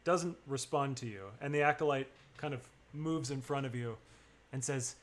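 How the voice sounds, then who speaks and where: A man with a mid-range voice runs a tabletop game as game master. His narration is loose and halting, packed with fillers.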